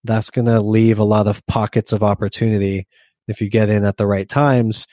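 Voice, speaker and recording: A man's voice: lowish voice, little pitch movement, normal speed, mellow, no room sound. A man co-hosting a podcast, talking casually with frequent restarts and fillers. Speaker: podcast co-host. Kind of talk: casual investing discussion.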